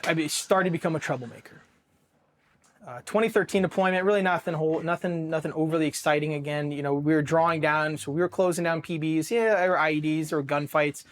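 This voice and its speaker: A man's voice: fairly high pitch, fairly even intonation, brisk. A man in his thirties from Ohio with an American accent, recounting his own story as an interview guest in a blunt, profane way, with many restarts and lines of quoted dialogue. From Ohio, United States. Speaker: Marine veteran guest.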